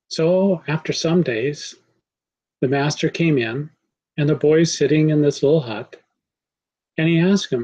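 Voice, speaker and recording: A man giving a spiritual talk, calm, measured and devotional. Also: on the high side, muffled recording. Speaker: spiritual teacher. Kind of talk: sermon.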